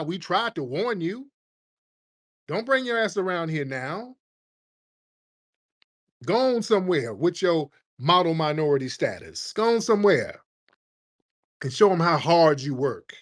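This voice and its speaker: A man from the United States hosting a comedic rant, with profane, animated, mocking storytelling. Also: fairly high pitch. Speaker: host.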